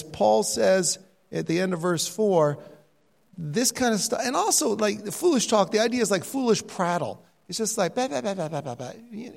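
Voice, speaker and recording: An older man preaching a sermon, animated and jokey, sometimes mimicking other voices. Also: sits high, gravelly. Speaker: pastor. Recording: reverberant hall sound.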